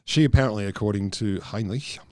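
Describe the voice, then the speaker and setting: A middle-aged man co-hosting a casual comedic science podcast, telling a history with dry, deadpan jokes. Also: lowish voice, a little fast, dry recording. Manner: deadpan, dry jokey storytelling.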